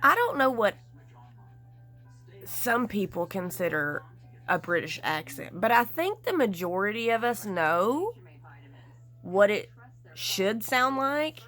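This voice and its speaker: Woman vlogger, casual gossipy chat, lively and blunt, medium-pitched voice. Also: slow, pauses often, faint music behind. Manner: animated, gossipy, frank with mild swearing. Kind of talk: casual chatty commentary.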